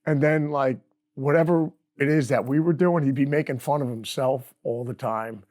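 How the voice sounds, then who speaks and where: Middle-aged man, relaxed anecdote teller, easy laughs. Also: medium pitch, normal speed. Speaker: guest guitarist. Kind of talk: casual storytelling.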